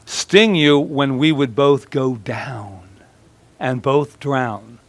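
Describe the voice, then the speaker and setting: A man telling a fable puts on a sly male scorpion who sweet-talks his way toward what he wants. He sounds close and dry, with a middle pitch and a persuasive, coaxing manner, as in a told storybook. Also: drawn-out words, no echo.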